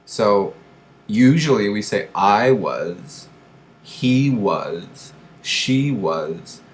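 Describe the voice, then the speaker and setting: A man teaching an English grammar lesson, speaking slowly and deliberately and repeating key phrases for learners. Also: fairly low pitch, lively intonation, a little hiss or hum.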